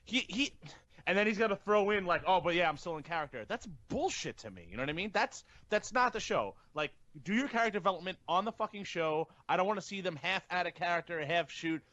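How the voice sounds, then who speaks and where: A man's voice: sits high, expressive, brisk, bright, forceful tone, no room sound, muffled recording. A man, co-hosting a wrestling podcast in casual chat, blunt and profane as he rambles through his opinions. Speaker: podcast co-host.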